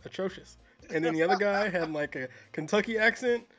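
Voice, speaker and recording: A man co-hosting a film review podcast, chatting casually in a dry, deadpan, long-winded way. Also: sits high, fairly quick, soft background music. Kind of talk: casual chat. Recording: dull lo-fi audio.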